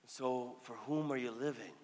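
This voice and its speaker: A Catholic priest with a medium-pitched, slightly mellow voice speaks at a normal speed during a sermon, his words echoing with long church reverb. He narrates a story in a conversational manner, acting out the voices of the people in it.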